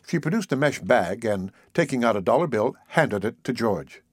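A man narrating a classic short story in a measured, even reading. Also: medium pitch, husky, no echo, studio quality. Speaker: audiobook narrator. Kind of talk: scripted narration.

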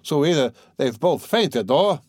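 A man doing a young male student who is eager and sharp, pitched noticeably higher and a little louder than the reader's own voice. He sounds excited and insistent, and the recording is very dry and close. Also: a little slow, dry recording.

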